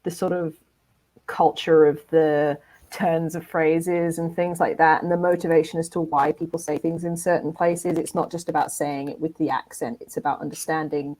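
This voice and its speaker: A woman with a lowish voice talks through ideas on a casual podcast. She explains things thoughtfully and at length. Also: a little mellow, rough recording. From Britain. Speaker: podcast co-host. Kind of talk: casual chat.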